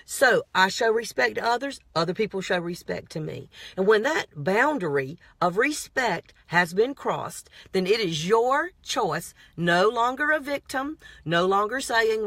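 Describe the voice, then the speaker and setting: A woman's voice: medium pitch, animated, measured pace, few pauses, fairly bright tone, no echo. A woman vlogger giving motivational self-help advice, emphatic and repetitive, with a prayerful, coaching manner. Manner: earnest, prayerful sign-off.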